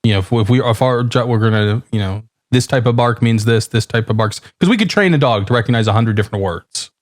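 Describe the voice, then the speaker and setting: A man's voice: mid-range voice, quick pace, dry recording, studio quality. A man co-hosting a podcast, reasoning aloud in a thoughtful, casual way. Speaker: podcast co-host. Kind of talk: casual chat.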